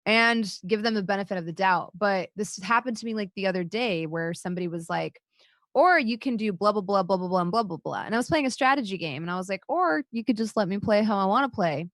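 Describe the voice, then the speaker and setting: A woman co-hosting a casual chat podcast, sarcastic and animated, swearing and acting out her own comebacks. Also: mid-range voice, fast, dry recording. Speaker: podcast co-host and streamer.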